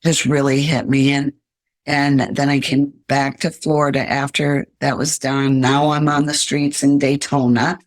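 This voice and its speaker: A woman's voice: very deep voice, little pitch movement, a little slow, no room sound, clean studio sound. An older woman, a podcast guest, earnestly telling her life story in an interview.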